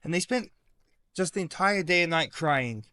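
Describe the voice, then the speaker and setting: Man doing a weary freed prisoner, plain and earnest, high voice, dry close sound. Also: lively intonation, moderate pace, sharp tone, dry recording. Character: weary freed male prisoner, middle-aged.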